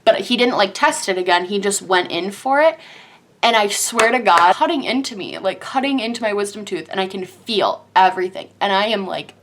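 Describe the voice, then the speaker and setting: Slight background noise sits behind this young woman's storytime vlog. Her mid-range voice is fairly bright and a little fast as she breathlessly, dramatically recounts a personal story, packing it with "like".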